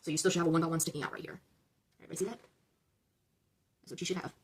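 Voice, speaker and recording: A woman's voice: sits low, fairly even intonation, very fast, slight background noise. A woman hosting a casual build-along, talking viewers through each step, often checking in with "okay?" and stumbling over numbers and correcting herself. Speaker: LEGO build-along host.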